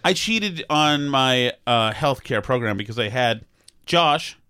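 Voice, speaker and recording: A man's voice: medium pitch, animated, takes it slowly, bright, forceful tone, clear, resonant tone, no echo, studio quality. A man in his fifties hosting a podcast, joking and rambling in casual chat. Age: 50s. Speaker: podcast host.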